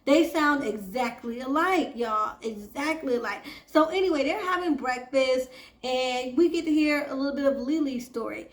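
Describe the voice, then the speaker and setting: Chatty woman doing a tv recap, high voice, roomy echo. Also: normal speed. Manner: chatty, addresses viewers as y'all. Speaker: TV recap host. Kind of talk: casual TV recap and review.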